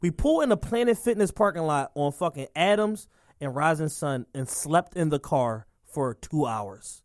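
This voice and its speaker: High-voiced young Philly guy, dry mic. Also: expressive, moderate pace, no room sound. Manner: laid-back, lots of fillers and swearing. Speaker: podcast co-host. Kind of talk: casual chat, storytelling.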